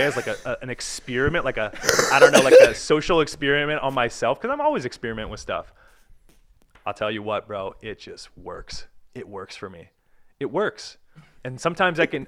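Slangy, swearing volleyball player, man. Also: mid-range voice. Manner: energetic, swears a lot, slangy. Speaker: professional volleyball player, guest. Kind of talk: casual podcast chat.

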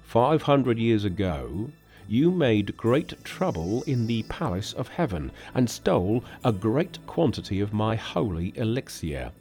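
A man voicing a stern old male sage alchemist in an audiobook reading, speaking slowly in a scolding, stately way. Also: lowish voice, sing-song, darkish tone, soft background music.

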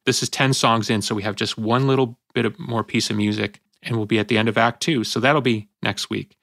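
A man hosting a casual podcast debate, animated and acting out little voices as he tells a story. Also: fairly low pitch, gravelly, no room sound, studio quality. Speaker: podcast host.

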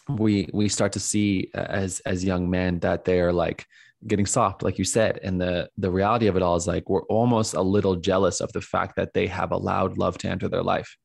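A man's voice: deep voice, vocal fry, no echo. A man hosting a podcast, talking earnestly in a reflective conversation, often searching for words with fillers and restarts. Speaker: podcast host.

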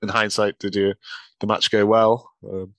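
Low-voiced chatty English podcast host. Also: male voice, flat delivery, normal speed, fairly bright tone, no echo. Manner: chatty, laughs often, asks loose questions. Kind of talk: casual podcast interview.

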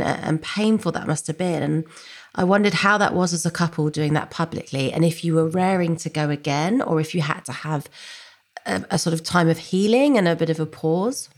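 Low-voiced woman host. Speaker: podcast host. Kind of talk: conversational interview.

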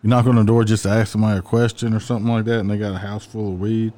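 A man's voice: on the low side, level tone, mellow. A man who works in law enforcement, telling a story in casual chat with swearing and laughter. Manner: profane, laughing, quick.

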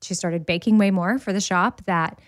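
A middle-aged woman hosting a podcast, chatting in an animated, storytelling way and laughing easily. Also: fairly low pitch, moderate pace, dry recording, studio quality. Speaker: podcast host. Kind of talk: casual chat.

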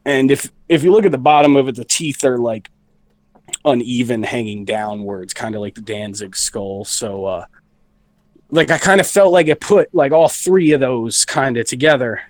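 A man getting over the flu talks a little out of breath, rambling through fillers and swearing as a guest in a casual studio chat. His voice is mid-pitched and sits in a dry studio with no room echo. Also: normal speed, a little mellow. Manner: rambling, many fillers and profanity. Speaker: band member guest. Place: recording studio.

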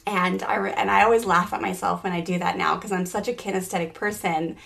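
A woman in her forties, a parenting coach hosting a podcast, telling a family story in a chatty, animated way full of "like" fillers. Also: mid-range voice, brisk, gravelly. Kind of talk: casual storytelling.

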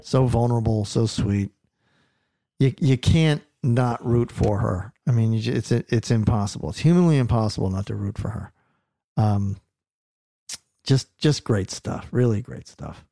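A man co-hosting a podcast in casual chat, animated, tripping over restarts and reaching for sports slang. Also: mid-range voice, unhurried, creaky, no echo, clean studio sound. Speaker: podcast co-host.

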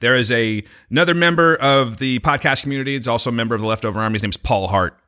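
A man's voice: medium pitch, fast, pushed and bright. A man co-hosting a podcast, chatting casually in a rambling, jokey way full of tangents. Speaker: podcast co-host.

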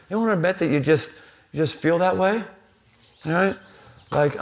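A male pastor delivers a live sermon in a loose, conversational way. He jokes and slips into voices for the people he describes, with a slightly higher-than-average speaking pitch. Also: moderate pace, long pauses. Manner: conversational, humorous, acts out scenes. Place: live church venue.

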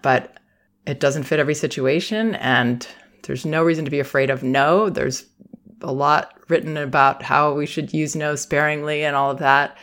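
A woman hosting a parenting podcast, giving calm advice and acting out quoted phrases to parents and children. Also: low voice. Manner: warm, reassuring, acts out quoted phrases. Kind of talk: advice talk.

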